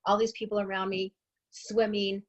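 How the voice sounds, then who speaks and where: A woman in her thirties, a fitness instructor, giving a chatty, encouraging group talk and coaching listeners through deep breathing. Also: flat delivery, moderate pace, lo-fi sound.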